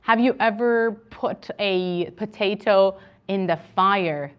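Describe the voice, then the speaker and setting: A woman teaching an online English conversation class, encouraging and repeating words slowly for learners over a video call. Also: mid-range voice, smooth.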